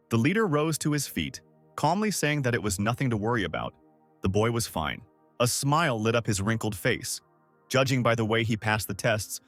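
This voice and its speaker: A man's voice: mid-range voice, fairly bright tone, dry recording. A man narrating a story recap in a scripted, dramatic way. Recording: faint background music.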